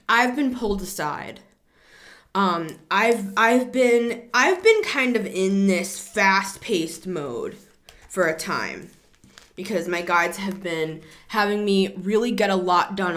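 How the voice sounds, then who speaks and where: A woman's voice: mid-range voice, takes it slowly. Rambling woman giving a tarot reading. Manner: rambling, repeats words, builds to excited emphasis. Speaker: tarot reader. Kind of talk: casual tarot reading talk.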